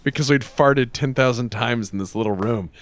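A man chatting casually as a podcast host, telling stories with loud laughs and acted-out quotes. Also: mid-range voice, normal speed, no echo. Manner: animated storyteller, acts out quotes, laughs loudly. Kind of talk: casual chat.

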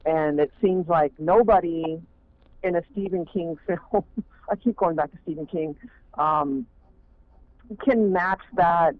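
Male indie filmmaker on a phone line, higher voice, rambling with fillers. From Maine. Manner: rambling, many fillers and restarts. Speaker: fan film director. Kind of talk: casual interview talk.

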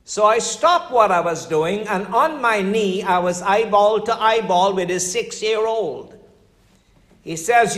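An older man, a pastor, preaching a conversational sermon full of stories, sometimes dropping his voice low for emphasis. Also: unhurried, fairly bright tone, echoey room, big-room sound. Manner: storytelling, conversational preaching with dramatic drops in voice.

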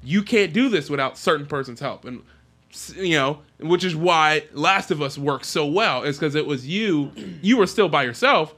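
A man co-hosting a podcast, chatting casually and excitedly about video games, rambling with lots of fillers. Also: fairly high pitch, moderate pace. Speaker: podcast co-host.

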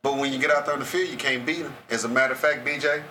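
A man's voice: medium pitch, steady tone, rapid-fire, pushed and bright, slight background noise. A man co-hosting a casual sports talk show, arguing his point with easy confidence and frequent laughter. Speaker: co-host.

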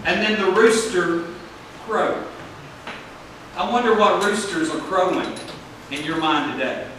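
A man's voice: high-pitched, unhurried, noisy background. A male pastor preaching a sermon to a congregation, speaking in a preaching cadence that draws responses from the room. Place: church sanctuary. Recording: echoey hall, picked up from a distance.

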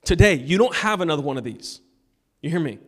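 A male pastor giving a sermon, telling a personal story and urging the congregation, moving between loud appeals and hushed moments. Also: on the high side, big pitch swings, brisk, breathy edge. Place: church sanctuary.

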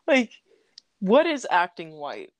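A woman's voice: medium pitch, huge pitch swings, extremely slow, no echo. A young adult woman talking in casual podcast chat, laughing often and using lots of fillers. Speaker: podcast co-host.

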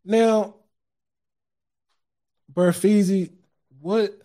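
Here the podcast host sounds high and mellow with a sing-song lilt, taking his time and leaving long pauses. His motivational talk comes across like a passionate sermon in casual slang, addressed directly to "guys" and "family," with words often repeated as each thought begins.

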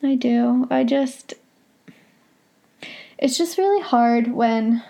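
A woman's voice: on the high side, slow pace, vocal fry, mellow. A young woman hosting a solo podcast from home, talking in a rambling, emotional, confessional way. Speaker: podcast host.

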